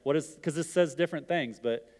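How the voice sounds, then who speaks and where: A man's voice: fairly high pitch, brisk, darkish tone. Middle-aged guy pastor, chatty sermon, keeps asking the room questions, big echoey hall. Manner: conversational, asks the audience questions. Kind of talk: interactive sermon. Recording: long hall reverb.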